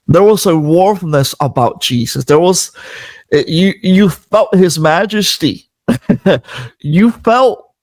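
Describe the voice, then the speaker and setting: A man giving heartfelt, unhurried testimony. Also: fairly high pitch, no room sound. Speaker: near-death experience witness. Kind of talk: earnest testimony.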